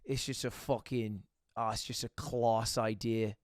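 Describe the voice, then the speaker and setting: A man putting on a gruff, swearing friend with a mock British, Welsh-style accent, in a lower, drawling voice. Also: level tone, unhurried, dry recording, studio quality, lightly acted.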